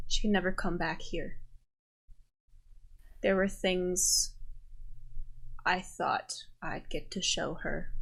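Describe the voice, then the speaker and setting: A woman voicing a tearful, gentle grieving man. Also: on the low side, full character voice, rough recording. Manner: soft, tender, hushed.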